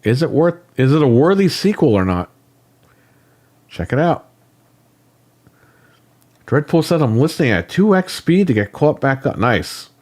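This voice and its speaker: A man's voice: mid-range voice, very animated, unhurried, pauses often, a little mellow. A man co-hosting a casual gaming livestream, talking bluntly and swearing casually. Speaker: podcast co-host. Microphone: studio microphone.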